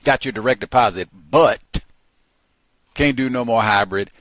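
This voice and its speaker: A man voicing a bossy male workplace supervisor who speaks in a curt, loud, demanding way. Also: mid-range voice, measured pace, dry recording, close to an everyday voice.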